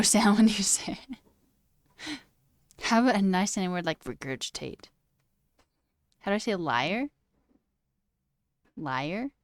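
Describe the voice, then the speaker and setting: A woman's voice: mid-range voice, no echo. A woman chatting casually on a livestream, playful and rambling as she answers her chat. Her voice sits in a mid range and sounds close and dry, with no room around it. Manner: playful and chatty, musing aloud over word sounds; reads and answers a live chat.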